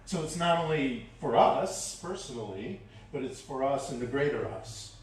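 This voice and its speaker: A man minister giving a sermon in a lively, folksy storytelling manner. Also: medium pitch, moderate pace. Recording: very echoey hall, distant mic, faint room noise.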